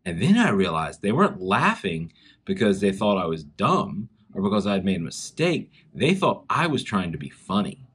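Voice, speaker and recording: A man with a Southern US accent gives a children's chapel talk, telling a story to the schoolchildren. His pitch rises and falls a lot, and he keeps asking the kids direct questions. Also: wildly swooping pitch, normal speed, fairly bright tone, breathy edge. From South Carolina, USA.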